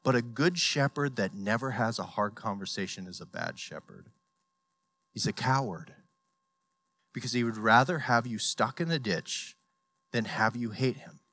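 A man's voice: mid-range voice, normal speed, fairly bright tone, dry recording. A man preaching a sermon as a pastor, telling stories with playful sound effects and pleading earnestly with his listeners.

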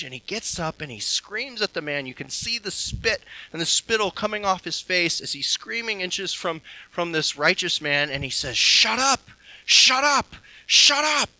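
A man preaches a sermon in a high, very bright voice. His delivery is impassioned, dropping to a hush and then rising loud. The sound is dry and close. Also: no echo, poor audio. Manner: impassioned, swinging from hushed to loud.

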